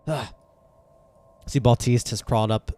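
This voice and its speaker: A man's voice: medium pitch, a little fast, darkish tone. A man narrating a tabletop game as game master, rambling with lots of fillers and restarts.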